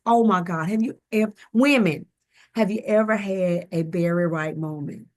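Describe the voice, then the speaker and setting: A woman with a Southern US accent giving a slow, emotive devotional talk about a hymn, often calling out to her listeners. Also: medium pitch. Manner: slow, tender, emotive delivery addressing listeners as y'all. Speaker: ministry speaker and recording artist.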